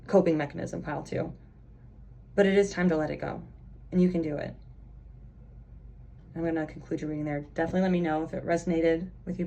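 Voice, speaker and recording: A woman's voice: on the low side, a little mellow. A young woman giving a casual pick-a-card tarot reading, chatty and rambling, with lots of fillers and restarts. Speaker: tarot reader.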